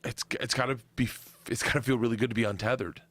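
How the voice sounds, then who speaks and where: A man who is a stand-up comedian and a guest, talking in an excitable, rambling, profane way in casual chat. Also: mid-range voice, quick pace, dry recording.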